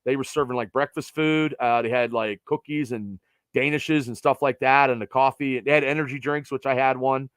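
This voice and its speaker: A man's voice: medium pitch, normal speed, dry recording. A middle-aged man from Pennsylvania hosting a podcast, chatting casually and rambling with lots of fillers. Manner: rambling, animated, trails off with fillers. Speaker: podcast host. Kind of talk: casual sports chat.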